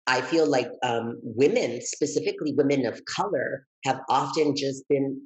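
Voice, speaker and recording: A man guesting on an interview, telling his story in a lively, expressive way that jumps high when he gets excited. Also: moderate pace, poor audio. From Texas, United States. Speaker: guest, educator and author.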